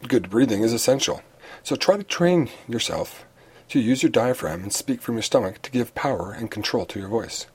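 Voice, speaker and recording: A man reading a prepared talk of practical advice on public speaking, in a measured, instructive way with the odd small restart. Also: mid-range voice, expressive, a little mellow, husky.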